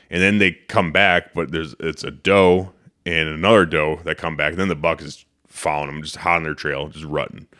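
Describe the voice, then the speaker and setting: Deep-voiced man telling a hunting story. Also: smooth. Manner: animated, profane, acts out his own quotes. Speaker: podcast host. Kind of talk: casual storytelling.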